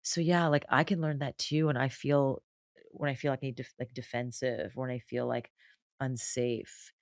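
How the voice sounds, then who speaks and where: A woman's voice: rumbling low, level tone, moderate pace, no echo, studio quality. A woman entrepreneur talking animatedly as a podcast guest, emphatic, restarting and repeating words as she goes. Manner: drops into soft, breathy quoted voices. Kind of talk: casual conversational interview.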